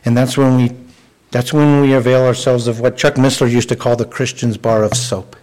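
A man's voice: mid-range voice, little pitch movement, normal speed, a little mellow, rough recording. A man preaching a sermon in an earnest, conversational way, often restarting his sentences. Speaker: pastor.

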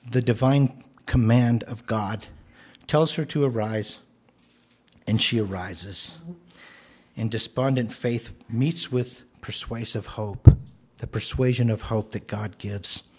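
A man preaching a sermon, earnest and explanatory, rising to emphatic declarations and dropping to a soft, gentle tone. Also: medium pitch, takes it slowly, slightly rough. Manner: earnest, rises to emphatic commands then drops soft.

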